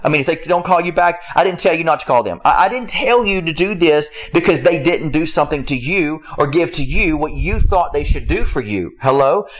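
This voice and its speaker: A man's voice: a little high, expressive, brisk, few pauses. A man preaching a conversational sermon, emphatic and repetitive, often breaking off with a rhetorical "hello?" and chuckling as he talks. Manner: chuckles while speaking.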